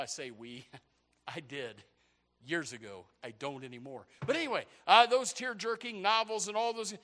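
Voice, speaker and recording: A high, bright male voice with wide, lively swings in pitch, preaching a folksy sermon. He exclaims praise often and stumbles into repeated restarts. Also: long reverb tail.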